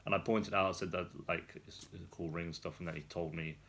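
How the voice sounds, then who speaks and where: The recording is very noisy as a young man vlogs casually, seated on a rolling chair indoors. He rambles chattily through a story, laughing often, in a low voice with a steady tone at a quick pace.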